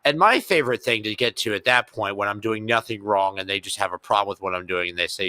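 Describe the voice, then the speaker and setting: A man's voice: lowish voice, fast talker, few pauses, sharp tone, dry recording. A man hosting a casual podcast, opinionated and emphatic as he rants about police attitudes. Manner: opinionated, emphatic when ranting.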